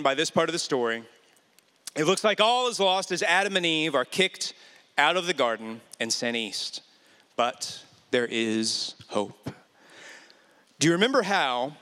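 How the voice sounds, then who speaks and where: A man preaches a sermon, weaving a family story into emphatic appeals to his listeners. His voice is bright and forceful and sits a little higher than most men's. A long hall reverb trails behind every phrase. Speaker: pastor.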